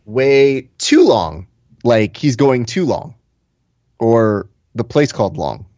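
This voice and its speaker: A man co-hosting a casual podcast, reading listener comments with a wry, animated delivery. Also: mid-range voice, slow pace, dry recording, muffled recording. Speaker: podcast co-host.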